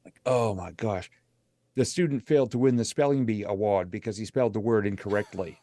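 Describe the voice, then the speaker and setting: A man's voice: fairly low pitch, fairly quick, mellow, no echo, clean studio sound. A middle-aged man, a motivational speaker, telling a candid personal story as an interview guest.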